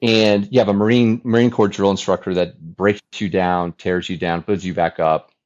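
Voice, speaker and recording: Low-voiced man telling stories, lo-fi sound. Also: moderate pace. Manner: animated, chatty, many restarts and laughs. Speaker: podcast guest, former Navy fighter pilot. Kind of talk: casual storytelling interview.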